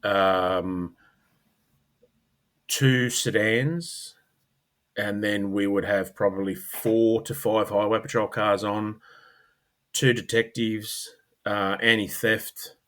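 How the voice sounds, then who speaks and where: A middle-aged Australian man, a former police officer, talking casually as a podcast guest, rambling with fillers and clearing his throat. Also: lowish voice, steady tone, takes it slowly, long pauses, a bit bright. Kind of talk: casual conversational storytelling.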